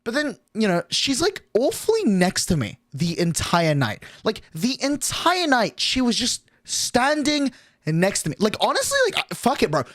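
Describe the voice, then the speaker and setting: A man's voice: high-pitched, huge pitch swings, measured pace, a bit bright, no echo, studio quality. A male streamer telling a story in a rambling, casual way, full of fillers and swearing.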